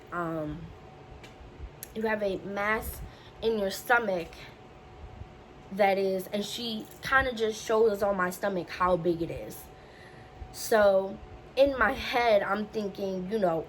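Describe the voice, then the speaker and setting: A young woman vlogger telling a personal story to the camera, animated and acting out what people said to her. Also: medium pitch, slight background noise. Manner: animated retelling with voiced quotes. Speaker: beauty vlogger.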